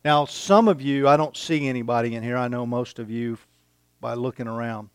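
A man preaching a sermon, reading scripture aloud and pausing for effect between phrases. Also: medium pitch, clear, resonant tone, no room sound, clean studio sound. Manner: slow, deliberate preaching with dramatic pauses, reading scripture aloud. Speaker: pastor.

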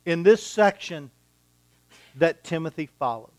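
Male preacher, high smooth voice, emphatic, dry close sound. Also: animated, a little mellow, dry recording. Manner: deliberate, emphatic teaching with repeated phrases. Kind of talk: expository sermon.

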